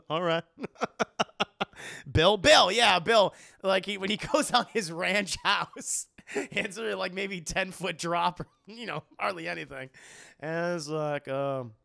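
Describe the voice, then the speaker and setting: A man's voice: high voice, takes it slowly, vocal fry, sharp tone, no room sound. A young man streaming and chatting casually with his viewers, rambling, laughing often and swearing. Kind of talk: casual chat with live chat.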